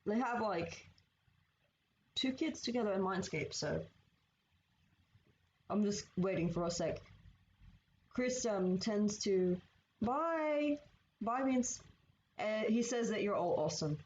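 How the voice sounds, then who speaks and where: A woman's voice: mid-range voice, animated, takes it slowly, long pauses, a little mellow. A woman streamer chatting casually and laughing while she draws. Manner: giggly, chatty. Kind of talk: casual chat. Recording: roomy, dull stream audio with faint hiss.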